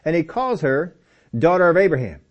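A man's voice: on the high side, very animated, fairly quick, dull audio. Emphatic man teaching scripture. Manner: emphatic, repeats phrases for stress; talks directly to listeners, sometimes by name. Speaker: Bible teacher. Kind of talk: Bible teaching sermon.

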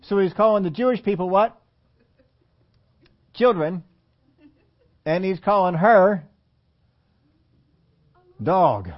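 A man's voice: high voice, measured pace, long pauses. A man preaching a conversational sermon, asking his listeners questions and acting out the voices he quotes. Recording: dull lo-fi audio recording.

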